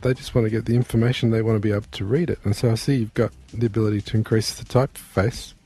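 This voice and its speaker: An Australian man hosting a podcast, interviewing in a relaxed, friendly way with some hesitant fillers. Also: fairly low pitch, racing, slightly rough, soft background music. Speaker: podcast host. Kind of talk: casual interview.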